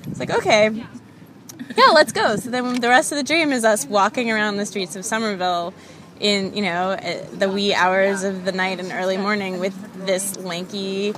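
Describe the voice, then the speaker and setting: A woman's voice: medium pitch, fairly even intonation, normal speed, a bit bright, a little hiss or hum. A young woman telling a funny personal story in a chatty, self-deprecating way, full of "like" fillers. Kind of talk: casual comic storytelling.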